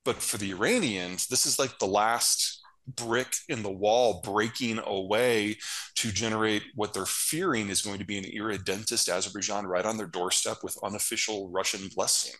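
A geopolitical strategist being interviewed explains world affairs bluntly, emphatically and matter-of-factly in casual analytical talk. His voice is fairly low and fairly bright in tone, with fairly even intonation and a moderate pace, on a rough recording.

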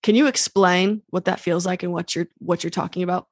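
A woman's voice: fairly low pitch, steady tone, a little fast, no room sound, clean studio sound. A woman interviewing a guest, affirming what he says and asking follow-up questions. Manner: attentive, affirming listener.

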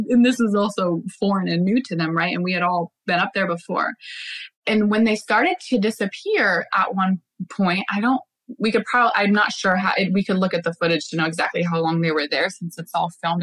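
Woman, casual conversational storytelling, animated delivery, frequent laughter, lots of "like" fillers, mid-pitched voice. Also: poor audio. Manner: animated, laughing often, many fillers and restarts. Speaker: guest.

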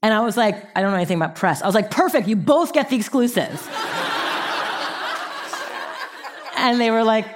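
A woman's voice: a little high, fast talker, hardly any pauses, noisy background. A woman in her thirties giving a motivational business talk, telling stories with energy, acting out what people said and laughing often. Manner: animated storytelling, acting out quotes, laughing. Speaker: speaker.

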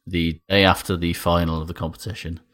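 Low-voiced podcast co-host guy, emphatic and sweary, gets enthusiastic. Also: level tone, fairly quick, a bit bright. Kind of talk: casual chat.

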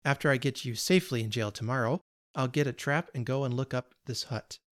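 A man reading aloud, voicing a dry, stubborn gentleman homeowner who answers curtly and sardonically. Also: mid-range voice, brisk, no room sound, lightly acted. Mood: exasperated.

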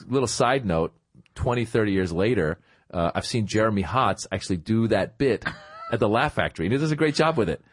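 Low-voiced middle-aged man telling stories. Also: brisk, no echo, clean studio sound. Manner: lively, acts out his own past thoughts in quotes. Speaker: comedian guest. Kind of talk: casual anecdotal storytelling.

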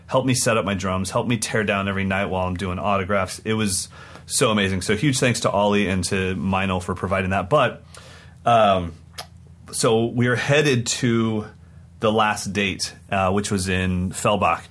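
A man co-hosting a podcast, telling stories in an excited, rambling way in casual chat. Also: lowish voice, moderate pace. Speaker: podcast co-host and touring drum clinician.

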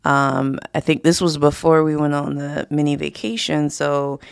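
A woman's voice: sits low, flat delivery, moderate pace, gravelly, clean tone, no echo, studio quality. A woman hosting her own podcast, talking in a chatty, candid, casual way. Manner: chatty and candid, with frequent fillers and laughs. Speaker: podcast host. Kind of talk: casual solo podcast talk.

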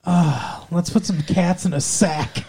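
A man co-hosting a podcast, chatting casually and sarcastically about a TV episode, with plenty of swearing and deadpan asides. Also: sits high, slow pace, vocal fry, husky. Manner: sarcastic, profane, quotes characters in flat asides. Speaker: podcast co-host. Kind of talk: casual chat recapping a TV episode.

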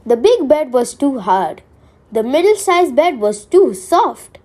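A woman reading a children's fairy tale aloud, expressive and deliberate. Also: high voice. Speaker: storyteller. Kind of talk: storybook read-aloud narration.

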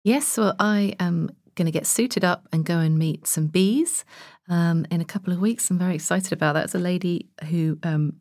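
A woman's voice: on the low side, normal speed, a little mellow, dry recording. A woman presenting on a podcast in a studio, talking enthusiastically. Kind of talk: casual studio chat.

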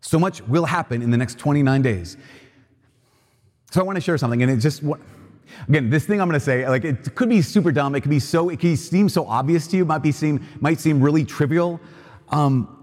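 A man's voice: fairly high pitch, fairly quick, a little mellow. A man giving a homily at Mass, earnest and conversational, often repeating himself as he builds a point. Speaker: priest. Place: cathedral. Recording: long reverb of a large church.

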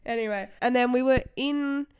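Chatty young woman with a smooth voice. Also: a little high, normal speed, darkish tone. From Australia. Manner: chatty, storytelling with many fillers. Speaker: podcast host. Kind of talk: casual chat.

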